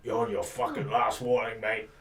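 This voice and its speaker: A man voicing a gruff, swearing male town guard who shouts and blusters. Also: on the high side, unhurried, pitched above the performer's own voice. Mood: blustering. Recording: roomy, far off, noisy.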